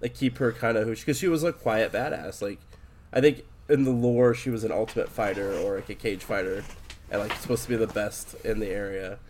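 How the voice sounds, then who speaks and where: A man's voice: on the low side, fairly even intonation, a little fast, darkish tone, a little hiss or hum. A man chatting casually about a video game, rambling with lots of fillers and restarts and swearing freely.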